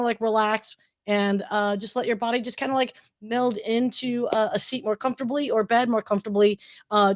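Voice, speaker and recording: Woman, bright higher voice, chatty product pitch, dry sound. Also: dry recording. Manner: bubbly, chatty, animated pitch. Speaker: sponsor presenter. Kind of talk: casual sponsor pitch.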